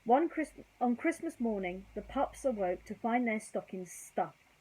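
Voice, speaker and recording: A woman reading a bedtime story aloud, gentle and chatty, with casual asides to young listeners. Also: a little high, lively intonation, unhurried, husky, poor audio.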